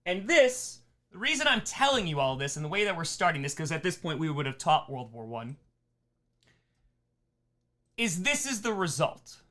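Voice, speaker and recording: A man teaching a live history lesson on a stream, emphatic and animated, slipping into mocking voices. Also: on the high side, normal speed. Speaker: history teacher on a charity livestream.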